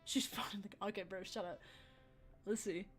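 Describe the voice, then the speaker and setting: A woman's voice: medium pitch, steady tone, unhurried, faint music behind. A young woman chatting casually on a game livestream, rambling, swearing freely and laughing often. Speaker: game streamer. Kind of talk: casual livestream chat over gameplay.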